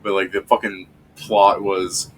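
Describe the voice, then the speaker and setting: Laid-back, swearing game master, lowish voice. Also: male voice, level tone, unhurried, slight background noise. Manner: loose, profane storytelling, acting out quotes. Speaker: dungeon master and streamer. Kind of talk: casual out-of-game banter.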